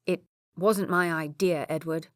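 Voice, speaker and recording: A remorseful young lord in an audiobook, fretting over what he has done, as a woman narrator reads him. The voice sits a little low and is recorded dry and close. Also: steady tone, measured pace, dry recording, natural voice. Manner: remorseful, anxious. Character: young nobleman Charles, guilt-ridden brother.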